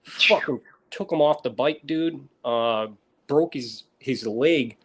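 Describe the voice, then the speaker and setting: An American man in casual chat, swearing constantly and telling stories with animated energy. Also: mid-range voice, slow pace, husky. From United States. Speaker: reptile breeder streamer.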